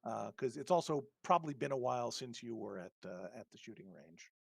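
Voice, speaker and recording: A man acting as game master for a tabletop horror game, describing scenes in a halting way with many ums and restarts. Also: mid-range voice, animated, creaky, husky, no room sound, clean studio sound.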